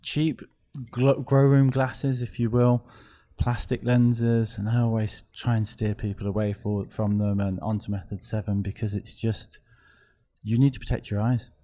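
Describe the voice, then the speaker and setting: A man hosting a podcast interview, chatting in a relaxed way and backing up his guest. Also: lowish voice, unhurried. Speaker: podcast host. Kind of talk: casual interview.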